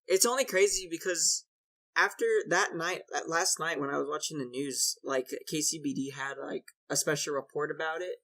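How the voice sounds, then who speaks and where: A man's voice: a little high, normal speed, sharp tone, poor audio. A young man in a casual group chat, rambling with many fillers and casual swearing. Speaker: podcast co-host.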